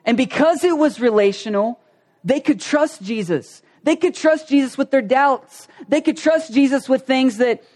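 Folksy animated preacher. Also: sits high, moderate pace. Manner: folksy, animated, acts out scenes. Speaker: pastor. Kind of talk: conversational sermon.

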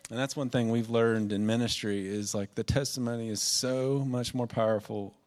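A man's voice: mid-range voice, fairly even intonation, moderate pace, darkish tone. Pastor guy preaching a sermon, earnest and emotional, repeats himself for emphasis.

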